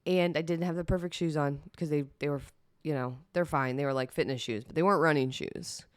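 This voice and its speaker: Female podcast host, lowish voice, candid and chatty, close dry sound. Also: steady tone, brisk, smooth, no room sound. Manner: candid, emotional, chatty with fillers. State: teary-eyed. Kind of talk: personal solo podcast talk.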